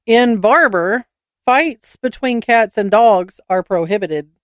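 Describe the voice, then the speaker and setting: A woman's voice: fairly high pitch, expressive, takes it slowly, dry recording, clean studio sound. A woman co-hosting a podcast, telling anecdotes with giggles and reading odd state laws to listeners. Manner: giggly, storytelling, addresses listeners as y'all. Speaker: podcast co-host. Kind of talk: casual podcast chat.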